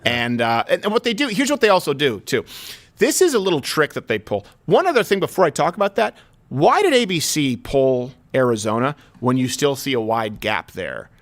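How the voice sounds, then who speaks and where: A man hosting a casual political chat show, talking in an animated, sarcastic, rapid-fire way. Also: medium pitch. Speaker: host.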